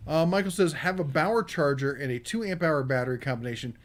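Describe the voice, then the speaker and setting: Male host, rambling and casual, slightly high-pitched, reading chat comments on a live show. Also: fairly quick. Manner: casual and rambling, with many fillers. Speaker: podcast host.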